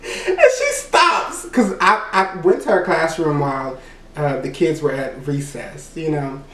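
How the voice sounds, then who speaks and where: A man's voice: fairly high pitch, expressive, unhurried, a bit bright. A young man from Louisiana, telling a candid personal story and rambling with lots of "you know". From Louisiana, USA. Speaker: vlogger. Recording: roomy echo, mic set far off.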